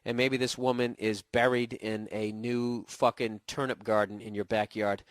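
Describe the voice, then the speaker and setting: A man at a medium pitch and moderate pace, in a level tone, rants comically about a listener's email on his podcast while recovering from a cold. He's blunt, profane and full of sarcastic asides, and the studio recording is clean with no room sound.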